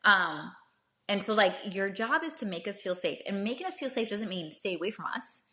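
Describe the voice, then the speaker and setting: A woman's voice: medium pitch, animated, normal speed, bright, forceful tone. A young woman hosting casual dating advice talk for a live audience, chatty, often checking in with "right?" and acting out short bits of dialogue.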